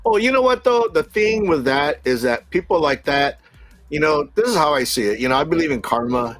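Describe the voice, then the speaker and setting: A middle-aged man casually telling a story from work, animated, laughing often and acting out what people said. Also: on the high side, a little fast, faint music behind.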